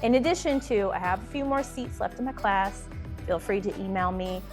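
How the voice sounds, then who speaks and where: A woman's voice: medium pitch, normal speed, over music. Emphatic woman giving business advice. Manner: emphatic, encouraging, repeats words for stress; addresses viewers as "y'all". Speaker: small-business coach. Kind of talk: direct-to-camera advice video.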